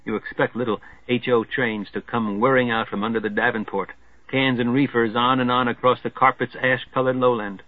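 A man's voice: medium pitch, flat delivery, a little fast, no room sound. Man narrating a novel over a tinny line. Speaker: audiobook narrator. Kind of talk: literary narration. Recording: tinny dry lo-fi phone-like sound.

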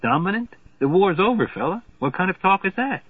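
A man's voice: high voice, very animated, fairly quick, breathy edge, no echo, far from the mic, pitched above the performer's own voice, full character voice. A man reading aloud, voicing a blunt military man who scoffs at what he hears, in a tinny, phone-like recording. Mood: scoffing. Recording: tinny phone-like sound, dry.

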